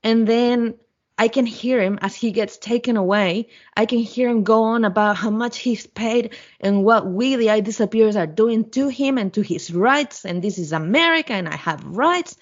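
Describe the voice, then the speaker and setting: A woman guest on a podcast, telling a story in a blunt, profane, animated way. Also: a little high, moderate pace, lo-fi sound. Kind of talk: casual storytelling.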